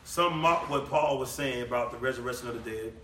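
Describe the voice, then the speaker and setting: A man preaching a sermon in a church hall, emphatic, swinging between loud declamation and low quiet passages. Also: fairly quick, recorded from a distance, slight background noise. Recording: echoey room, voice from off the mic.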